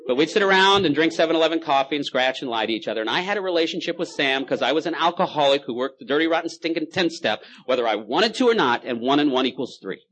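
A man's voice: fairly high pitch, expressive, quick pace, few pauses, a bit bright. A man giving a personal testimony at a recovery meeting, telling his story in punchy bursts with repeated phrases.

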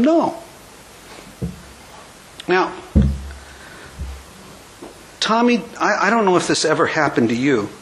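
An older American man tells his story with wry humor at a recovery meeting, speaking conversationally in a storytelling way. His voice sits fairly high, and the audio quality is poor.

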